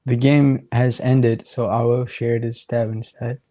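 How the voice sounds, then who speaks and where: Slow-talking hoarse man commentating a match. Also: mid-range voice, level tone, warm tone, no echo. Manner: rambling, chatty, counts out standings aloud. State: voice going hoarse. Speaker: watchalong streamer. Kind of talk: casual live match commentary.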